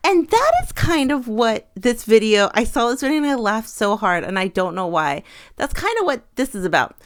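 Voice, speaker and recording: A woman's voice: on the high side, very animated, moderate pace, dry recording, studio quality. A woman co-hosting a casual chat about a sports team, retelling video clips and laughing often. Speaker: co-host.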